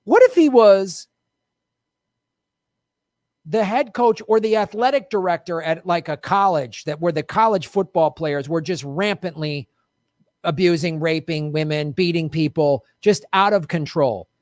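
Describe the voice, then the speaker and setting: A man's voice: a little high, a little slow, a little mellow, no echo, clean studio sound. A middle-aged man hosting a casual political commentary show, heated and sarcastic, swearing freely.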